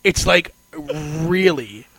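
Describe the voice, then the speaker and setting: A man in a casual comedy chat, telling a story in an animated, mocking, incredulous way. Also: fairly high pitch, extremely slow, poor audio.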